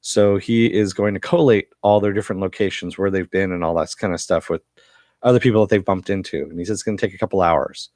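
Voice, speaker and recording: A man's voice: low-pitched, steady tone, fast, a little mellow, no room sound, clean studio sound. A man with a cough giving a casual, rambling recap of a TV episode, full of fillers. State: has a cough. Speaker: TV episode reviewer.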